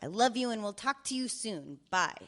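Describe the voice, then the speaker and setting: A woman's voice: a little high, animated, normal speed. A woman voicing her older father reading his voicemails, swearing freely and joking with wry affection. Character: older father, cheerful, profane, doting. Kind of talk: reading voicemails aloud in character.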